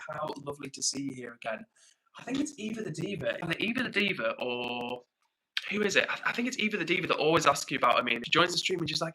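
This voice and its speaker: A young British man runs a livestream and chats easily while reading viewer comments aloud. His voice is very bright and sharp, a little higher than most men's, and his delivery stays upbeat and friendly. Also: sing-song, fast, breathy edge, low-quality recording. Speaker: livestream host. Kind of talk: casual chat reading out live comments.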